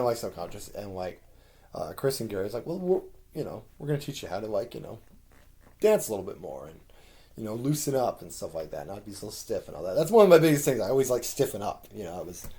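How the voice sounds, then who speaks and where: A man's voice: fairly low pitch, a little mellow. A young man rambling through a casual personal story, full of ums, laughs and casual swearing. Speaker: vlogger.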